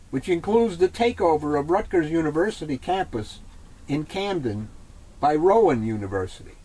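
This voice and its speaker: Male co-host, measured reader, husky and fairly high, lively pitch. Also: low-quality recording. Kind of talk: reading an article aloud, then casual chat.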